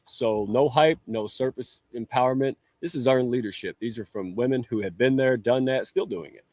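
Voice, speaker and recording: A man's voice: mid-range voice, normal speed, a little mellow, dry recording. Folksy man hosting a livestream. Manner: folksy, jokey, chatty. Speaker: talk show host. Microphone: live stream setup.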